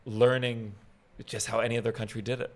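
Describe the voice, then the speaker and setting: A man chatting as a podcast guest, his voice sitting at an ordinary middle pitch. He talks with animation and keeps breaking off and restarting his sentences as the thoughts come. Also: flat delivery, fairly quick. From United States. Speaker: guest comedian. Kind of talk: casual podcast conversation.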